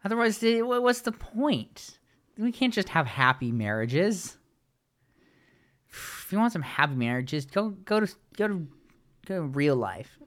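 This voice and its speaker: A man speaks slowly and sarcastically in a smooth, clear voice. He talks casually on a podcast and often restarts his sentences. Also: high voice, very animated, a bit bright. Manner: unhurried, sarcastic, halting restarts. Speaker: podcast co-host. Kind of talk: casual podcast recap chat.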